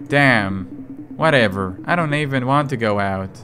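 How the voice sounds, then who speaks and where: A man's voice: mid-range voice, expressive, measured pace, few pauses, background noise. Joking man commentating a game. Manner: joking, reading in-game lines aloud with sudden outbursts. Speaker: gaming commentator. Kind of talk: let's play commentary.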